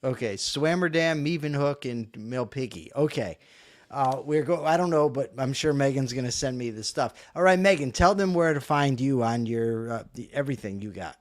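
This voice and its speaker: Man, show host, relaxed, joking, casual chat. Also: medium pitch, moderate pace.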